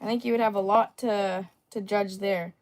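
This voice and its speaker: A woman's voice: medium pitch, fairly even intonation, moderate pace, darkish tone. A young adult woman hosting a livestream, teasing commenters with sassy, laughing casual chat. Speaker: livestream host.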